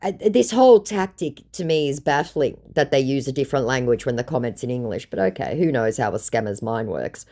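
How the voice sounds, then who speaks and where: A woman's voice: very deep voice, lively intonation, fairly quick, hardly any pauses, warm tone. An Australian woman recounting chat logs in a comedic way, with dry, sarcastic asides. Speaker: scambaiting storyteller.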